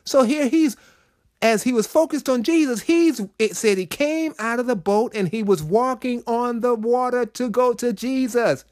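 A man with a high voice preaches a short devotional in a casual, talky way. He swings between loud peaks and soft asides. The sound is dry and close. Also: moderate pace, no echo. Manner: conversational preaching with sudden rises and drops. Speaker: inspirational segment host.

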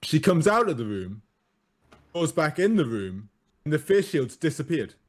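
A man's voice: fairly high pitch, normal speed. A man who is a doctor, chatting on a podcast and telling an anecdote with laughter. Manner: animated, laughing storyteller. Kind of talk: casual chat, anecdotal storytelling.

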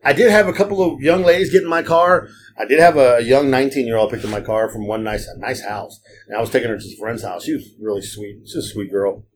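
Talking fast at a medium pitch, a podcast host chats casually, winding through long, foul-mouthed stories and impersonating the people in them. He also works as a rideshare driver.

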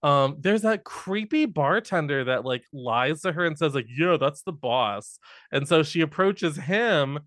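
A man co-hosting a podcast in casual chat, animated and laughing often. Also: fairly high pitch, measured pace, few pauses, no room sound, studio quality. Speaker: podcast co-host.

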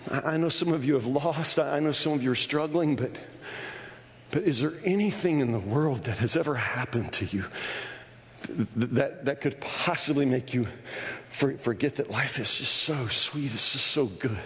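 Stammering pastor in a reverberant church. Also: male voice, mid-range voice, normal speed. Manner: stammering restarts, building to shouts. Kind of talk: sermon. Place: church sanctuary. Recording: long hall reverb.

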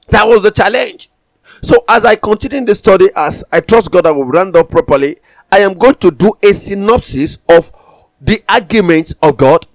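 A man's voice: sits high, expressive, normal speed, no echo. A man preaching a sermon, emphatic, with repeated declarations.

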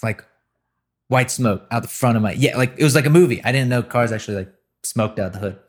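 A young man hosting a podcast, telling a story in a casual, animated way and often breaking into laughter. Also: mid-range voice, husky. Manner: animated storyteller, quick to laugh, mimics voices. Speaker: podcast host.

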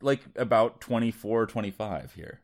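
A man with a fairly low voice co-hosts a relaxed podcast about a movie. He chats loosely, laughs easily and often trips into quick restarts as he talks it through with friends. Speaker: podcast co-host. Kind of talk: casual movie-discussion chat.

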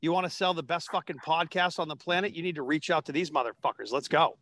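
A man's voice: fairly high pitch, quick pace, fairly bright tone. A man hosting a podcast, talking casually with brash profanity. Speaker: podcast host. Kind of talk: casual chat.

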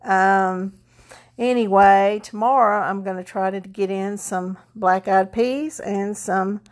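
A woman's voice: mid-range voice, fairly even intonation, slow. Chatty rambling woman vlogger. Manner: rambling, chatty, many fillers and restarts. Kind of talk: casual chat.

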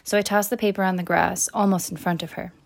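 A woman's voice: fairly even intonation, fast, gravelly. A woman reading a first-person children's novel aloud, lifting her voice for the characters' lines. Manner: voices characters with raised pitch and louder quotes. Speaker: audiobook narrator. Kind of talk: first-person storybook narration.

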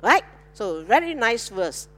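A woman pastor, preaching a sermon with animated call-and-response to her congregation. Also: on the high side, a little slow.

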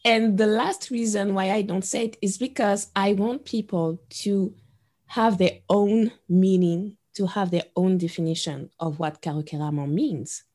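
A woman's voice: mid-range voice, a little slow, mellow. A woman talking as an interview guest, thoughtful and a little hesitant, with fillers as she explains. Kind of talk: interview conversation.

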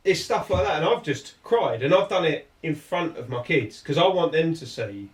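Recorded from a distance in an echoey room, this man hosts a podcast, talking in earnest, casual chat marked by frequent restarts. He speaks at normal speed in a high-leaning voice with lively intonation.

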